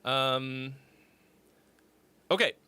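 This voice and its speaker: A man's voice: mid-range voice, drawn-out words, pushed and bright, clean tone. A man in his forties hosting a song critique livestream, chatting casually in a rambling, profane way that breaks off and restarts. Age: 40s. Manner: rambling, profane, self-interrupting.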